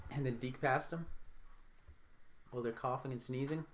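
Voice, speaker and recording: A young man playing a tabletop game, brash and profane, quick to joke. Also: mid-range voice, steady tone. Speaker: player. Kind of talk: casual tabletop play.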